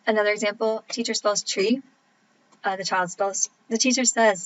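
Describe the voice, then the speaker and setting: A woman's voice: mid-range voice, steady tone, moderate pace. Casual woman lecturer, thirties, chatty with ums, lo-fi recording with a faint hiss. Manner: casual, explanatory, frequent ums. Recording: dull lo-fi recording with faint background noise.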